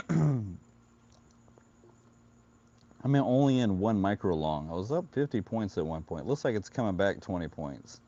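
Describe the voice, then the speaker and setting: Deep-voiced tipsy man, Southern California accent. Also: big pitch swings, a little slow, long pauses, dull audio. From Florida, US. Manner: loose, joking, chatty with viewers, laughs often. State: a few beers in, slightly tipsy. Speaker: live-stream futures trader. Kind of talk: casual live-stream chat.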